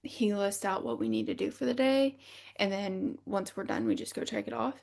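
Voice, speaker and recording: Animated woman telling stories, creaky voice. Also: mid-range voice, normal speed. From United States. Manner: animated storytelling, acting out quotes, laughing often. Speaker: podcast co-host. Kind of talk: casual chat.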